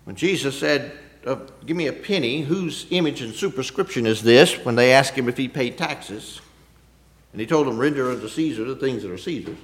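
Speaking at medium pitch and a moderate pace, a man preaches conversationally. Rhetorical questions punctuate the sermon as he swings between loud emphasis and quiet asides.

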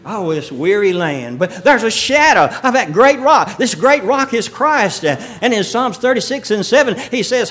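A man with a high voice preaches a sermon. He reads scripture slowly and then explains it in plain, folksy talk. He often clears his throat and chuckles softly between points. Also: sing-song.

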